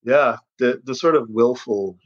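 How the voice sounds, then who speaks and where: A man with a husky, breathy voice talks in a loose, rambling way, often stopping to restart his sentences. His humor is dry and sarcastic. The audio sounds a little dull and lo-fi. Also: mid-range voice, measured pace. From Canada. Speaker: satirical news writer. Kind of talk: casual interview conversation.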